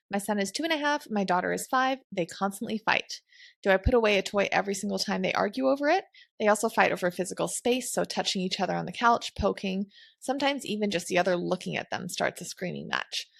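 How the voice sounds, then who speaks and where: A woman on a parenting podcast reading listener questions aloud in a plain, steady voice. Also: medium pitch, brisk, creaky, no echo, studio quality.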